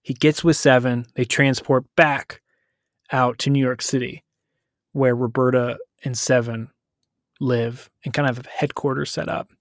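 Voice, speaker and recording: A man's voice: mid-range voice, little pitch movement, no room sound, studio quality. A man hosting a podcast, casually retelling a story in a loose, conversational way. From United States. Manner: conversational, loose, self-correcting retelling with quick paraphrased quotes.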